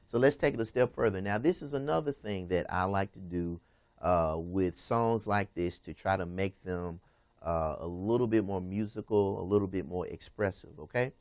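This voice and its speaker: A man's voice: deep voice, moderate pace, darkish tone, dry recording. A man teaching a piano lesson, patiently explaining each step and checking in with "okay?" after most phrases. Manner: patient, repeats steps, ends phrases with "okay?". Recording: piano playing under the voice. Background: piano music.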